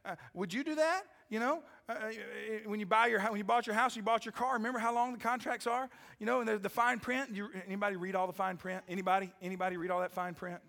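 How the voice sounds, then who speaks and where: A man pastor delivering a sermon, emphatic and rousing, often calling out "amen?" to the congregation, then softening into a quiet, earnest appeal. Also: high voice, fairly even intonation, quick pace, creaky, few pauses. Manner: emphatic preaching with frequent "amen?" calls, dropping to a hushed altar call.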